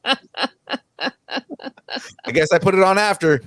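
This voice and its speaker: A man hosting a casual pop culture podcast, relaxed and jokey, with fillers and restarts. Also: high-pitched, takes it slowly, no room sound. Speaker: podcast host. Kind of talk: casual chat and show hosting.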